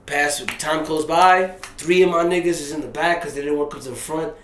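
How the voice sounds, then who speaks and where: A young man, a rapper being interviewed, telling a story in casual, animated fashion, dropping low and hushed and then rising loud and excited. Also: a little fast, crowd noise. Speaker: rapper guest. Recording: roomy echo.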